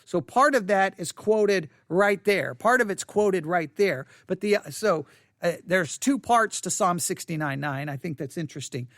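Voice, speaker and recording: High-voiced man teaching the Bible. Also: expressive, measured pace, fairly bright tone, no room sound, studio quality. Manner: thinking aloud, with restarts and stammers. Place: seated at a desk.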